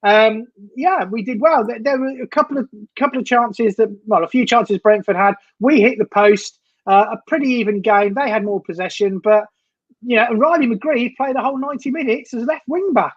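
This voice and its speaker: A man's voice: very high voice, normal speed, dry recording, muffled recording. Chatty, jokey man on a fan stream. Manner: chatty, jokey, drops in slang. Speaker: co-host of a football fan stream. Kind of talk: casual live stream reaction chat.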